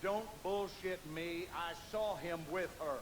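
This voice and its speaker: A man's voice: high-pitched, slow pace, noisy background. An actor playing a brutal, bigoted American father with a Southern accent, talking in menacing, growling threats. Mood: angry.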